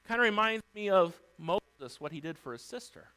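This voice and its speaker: A man preaching a sermon as pastor, emphatic, swinging between loud declarations and hushed lines, acting out pleas. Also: sits high, expressive, moderate pace, clean tone, poor audio. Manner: acts out Bible characters' pleas.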